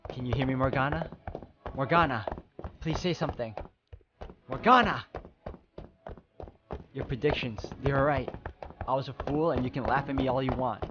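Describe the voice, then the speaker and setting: A man voicing a gentle, persecuted young man in a video game, reading formally and slowly. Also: mid-range voice, steady tone, background noise, lightly acted. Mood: desperate. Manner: slow, solemn, formal reading. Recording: slightly dull, muffled sound.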